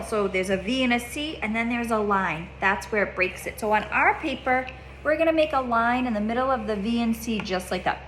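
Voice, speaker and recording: A woman's voice: on the high side, fairly quick, a bit bright, slight background noise. A woman teaching a child reading in a one-on-one lesson, patient, repeating her questions and checking in with "okay?".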